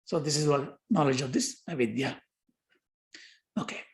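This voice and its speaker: Older male teacher, lively questioning lecture delivery, prone to repeats. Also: medium pitch, moderate pace. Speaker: yoga philosophy teacher. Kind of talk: lecture on yoga sutras.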